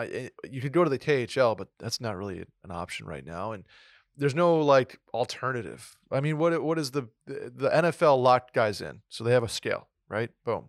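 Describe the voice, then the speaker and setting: A man's voice: mid-range voice, vocal fry, dry recording, clean studio sound. A man co-hosting a sports podcast, talking casually with many restarts, jokes and swearing. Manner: rambling, restarts, swears, jokey. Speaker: podcast co-host.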